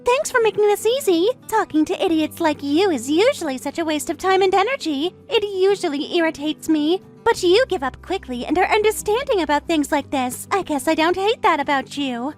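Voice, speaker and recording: A woman voicing a very high, sneering young snob. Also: expressive, a little fast, hardly any pauses. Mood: scornful. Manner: sneering and mocking. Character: arrogant, condescending young woman, a sister-in-law. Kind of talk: dramatized text-message story. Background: faint music.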